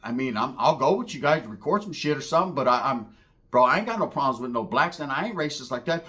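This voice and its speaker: A man's voice: medium pitch, quick pace. A man telling a profane street story, acting out the voices of the people in it. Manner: profane, animated, acts out other voices.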